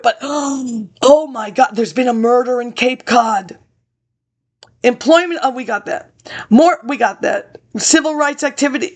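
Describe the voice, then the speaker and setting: A woman giving a rambling spoken commentary, drifting into digressive asides and talking back to people who aren't there. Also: high-pitched. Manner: digressive, talks to absent people, frequent laughs and asides; reads from old documents between tangents. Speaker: webinar presenter.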